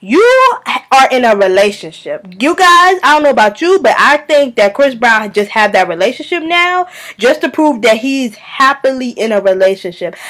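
Sassy high-voiced woman ranting. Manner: sassy, animated, scolding. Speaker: vlogger. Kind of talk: casual rant to camera.

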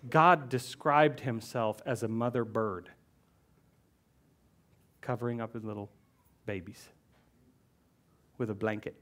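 A middle-aged pastor preaching in church, who speaks with feeling and moves between loud, stressed lines and hushed, almost whispered words. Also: male voice, medium pitch, fairly even intonation, slow pace, pauses often. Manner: emotional, swings from loud emphasis to hushed near-whispers. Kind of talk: sermon.

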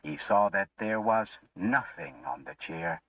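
A man reading a story aloud slowly and expressively for English learners. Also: on the low side, gravelly, dry recording. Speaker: narrator. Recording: muffled lo-fi, distant mic.

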